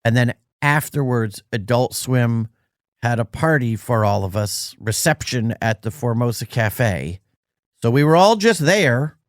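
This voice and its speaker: A man's voice: medium pitch, lively intonation, unhurried, no echo, studio quality. A man co-hosting a podcast, telling a rambling story in casual chat and stopping to search for words. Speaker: podcast co-host. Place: Los Angeles.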